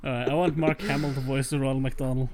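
A man in casual podcast chat who jokes and swears in an animated way. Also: mid-range voice, crowd noise. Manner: animated, quick to joke and swear.

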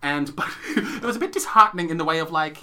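A man's voice: fairly high pitch, expressive, fast talker, pushed and bright. An Australian man co-hosting a theatre podcast, chatting casually, giggling and rambling with lots of "like". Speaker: podcast co-host, theatre reviewer. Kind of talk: casual chat.

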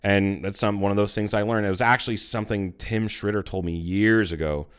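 A middle-aged man talks in a relaxed, chatty way. His voice sits on the low side, and he tells his stories bluntly with plenty of swearing. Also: brisk, smooth. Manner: blunt storytelling, heavy swearing. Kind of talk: casual chat.

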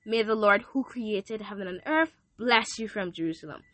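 A teenage girl hosts her own casual podcast, talking warmly and loosely to listeners, full of ums and little asides. Her voice sounds bright and a bit tense. It is recorded dry, with no room sound. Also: medium pitch, lively intonation, moderate pace, no echo. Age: teens. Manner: chatty, affectionate, rambling with fillers. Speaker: podcast host. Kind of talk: casual faith podcast thank-you message.

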